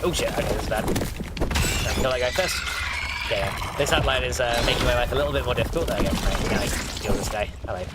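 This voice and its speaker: A man's voice: mid-range voice, quick pace, heavy background noise. A man streaming a video game, chatting casually, stammering through restarts, laughing and swearing as he plays. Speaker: gaming streamer. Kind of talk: casual live gameplay chat. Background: game music.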